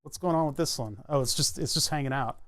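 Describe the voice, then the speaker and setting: A man streaming live, thinking aloud in a halting, self-interrupting way as he works through a technical problem. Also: mid-range voice, fairly bright tone. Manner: muttering, halting, self-interrupting while debugging.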